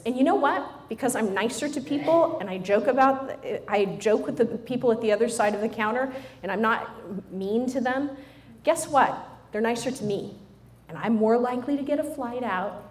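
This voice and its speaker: A middle-aged woman giving a humorous motivational talk to a live audience, animated and joking as she speaks straight to the listeners. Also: on the high side, a little fast. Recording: roomy hall sound with faint noise.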